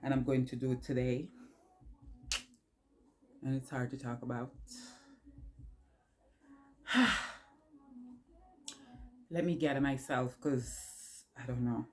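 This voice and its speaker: A woman vlogger talking to her viewers while crying, halting and emotional, with many pauses and fillers. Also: rumbling low, steady tone, warm tone. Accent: New York. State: tearful, crying. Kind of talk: personal vlog confession.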